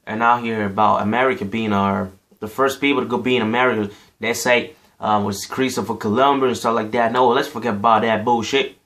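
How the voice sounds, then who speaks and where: A man's voice: on the low side, fairly even intonation, brisk, few pauses, a bit bright. A man from Africa giving a casual, emphatic opinion monologue, repeating himself and saying "you know" often. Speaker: vlogger.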